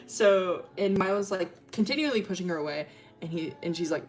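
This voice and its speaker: A woman's voice: on the low side, expressive, brisk. A young woman streamer telling a story in a casual, rambling way, giggling often and full of fillers.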